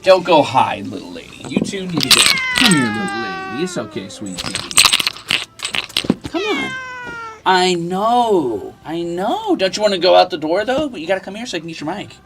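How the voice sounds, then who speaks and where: A man's voice: sits high, sing-song, quick pace, hardly any pauses, background noise. A young man streaming, talking to and scolding his cats in a playful, teasing way. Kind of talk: casual chat with pets on stream. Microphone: desk mic.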